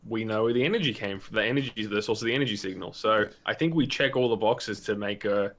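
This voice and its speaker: Man, lowish voice, tabletop player, casual chat, quick asides. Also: a bit bright. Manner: chatty, quick asides and laughs.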